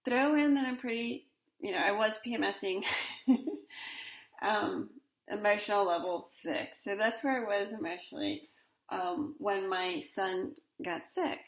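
A woman's voice: medium pitch, unhurried, echoey room. A woman in her forties hosting a solo podcast in a casual, rambling way, with many fillers and restarts. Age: 40s. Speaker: podcast host.

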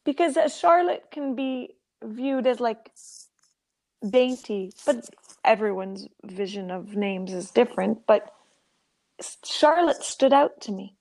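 Playful female co-host, high and very lively pitch. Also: slow pace. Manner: playful, laughs often. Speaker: podcast co-host. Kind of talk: casual chat.

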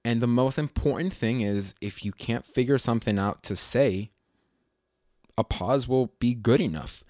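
A man hosting his own podcast in a loose, rambling way, correcting himself often and filling pauses with ums. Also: medium pitch, dark tone, no echo, clean studio sound. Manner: rambling, self-correcting, lots of fillers. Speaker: podcast host. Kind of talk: casual solo podcast chat.

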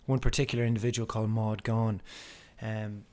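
A man's voice: lowish voice, flat delivery, brisk, a little mellow. A man, co-hosting a casual podcast, joking around and swearing. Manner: jokey, swearing, breaks into mock rap. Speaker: podcast co-host. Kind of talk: casual chat with freestyle rapping.

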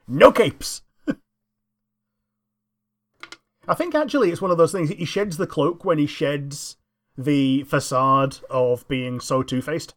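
A man's voice: fairly high pitch, a bit bright. Laughing man in a casual film chat. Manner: laughs often, quick agreeing interjections.

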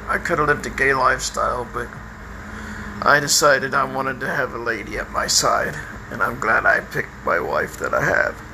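An older man talking in a rambling, halting personal monologue, with many restarts and fillers. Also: mid-range voice, background noise. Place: outdoors by a house, lawnmower nearby.

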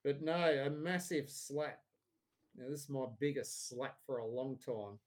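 A man's voice: medium pitch, measured pace, slight background noise. A man co-hosting a podcast, giving opinionated, blunt takes on sport in casual banter. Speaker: podcast co-host. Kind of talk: casual chat.

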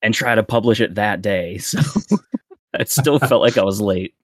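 A young man chats as a podcast guest in a low voice. He rambles easily, laughing between thoughts and leaning on fillers. The sound is dry and close, with no room around it. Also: normal speed, dry recording. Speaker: guest content creator. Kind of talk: casual podcast chat.

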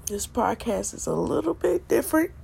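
A woman's voice: medium pitch, slow, creaky. A middle-aged woman hosting a faith podcast, stuffy and congested from a cold, earnestly repeating her points like a preacher. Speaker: podcast host.

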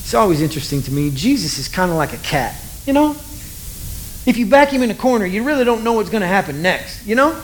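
A man preaches in a relaxed, conversational way, shifting up and down as he tells the story. He keeps checking in with the audience through quick asides. A faint steady hiss runs underneath. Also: high voice, low-quality recording. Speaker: pastor. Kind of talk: sermon.

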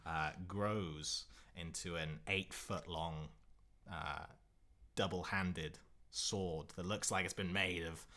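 A man's voice: deep voice, fairly even intonation, takes it slowly, bright, forceful tone. A man narrating a tabletop game as game master, describing scenes loosely with fillers.

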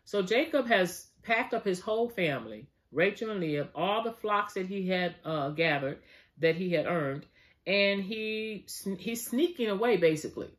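Bible teacher with a lively, chatty delivery. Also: medium pitch, normal speed. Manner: conversational asides, frequent fillers. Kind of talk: reading scripture with commentary.

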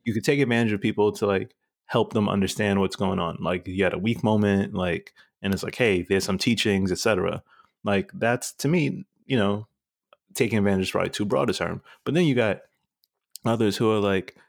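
A man with a low, gravelly voice riffs in casual podcast chat, swearing freely and working himself up. The sound is dry and close. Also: brisk, dry recording. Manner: profane, riled-up, laughing asides. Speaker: podcast co-host.

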